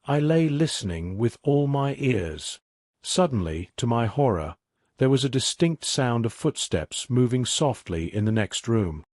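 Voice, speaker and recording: A man reading a classic mystery aloud as a sleep story in a measured, even way. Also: medium pitch, no room sound, studio quality. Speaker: audiobook narrator. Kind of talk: scripted sleep-story narration.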